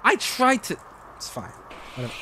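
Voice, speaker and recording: A young man talks through a game in an excitable, joking way, tossing in swears as he goes. His voice sits a little high and swings all over the place. A faint hiss of noise sits behind him. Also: normal speed. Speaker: streamer. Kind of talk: gameplay commentary.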